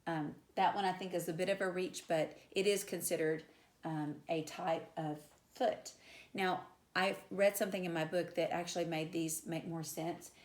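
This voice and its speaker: A woman English teacher lectures casually, repeating example words aloud to show their stress. Her voice sits a little low, and the classroom around her sounds echoey. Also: fairly even intonation, normal speed. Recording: echoey room.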